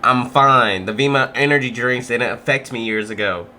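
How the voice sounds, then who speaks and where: A man's voice: medium pitch, moderate pace, sharp tone, a little hiss or hum. A man hosting a reaction video, chatting casually in a slangy, laid-back way.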